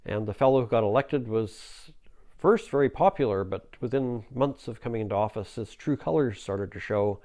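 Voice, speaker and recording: A man's voice: fairly low pitch, normal speed, a little mellow. A man telling a story in a casual, folksy, rambling way, with fillers and slips along the way.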